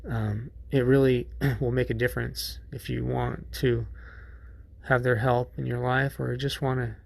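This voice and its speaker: A man's voice: medium pitch, little pitch movement, unhurried, creaky, no echo. A man hosting a podcast in a casual monologue, rambling and profane, with many restarts. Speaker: podcast host.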